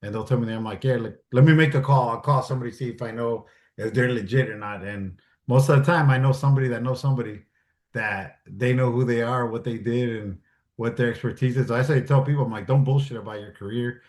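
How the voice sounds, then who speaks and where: A man talking casually in an interview, lively and animated, acting out bits of dialogue and swearing freely. His voice sits at a middle pitch and carries a noticeable roomy echo. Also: fast talker. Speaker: guest, military advisor and stuntman. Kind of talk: casual storytelling chat.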